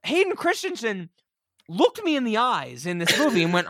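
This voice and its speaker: Brief: bright-voiced male podcast co-host, high and lively, jokey, dry close mic. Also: moderate pace, dry recording. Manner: animated, jokey, acts out lines in mock voices. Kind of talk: casual comedic film discussion.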